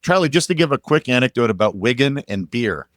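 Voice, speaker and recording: A man's voice: mid-range voice, big pitch swings, fairly quick, fairly bright tone, no room sound, clean studio sound. An American man hosting a podcast, telling rambling anecdotes full of fillers and restarts. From United States. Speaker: podcast host. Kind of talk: casual podcast conversation.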